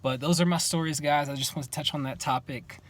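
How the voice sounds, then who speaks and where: A young man vlogging, telling stories in a casual, animated way and acting out what each person said. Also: a little high, fairly quick. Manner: animated, acts out what people said. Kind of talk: casual storytelling to camera.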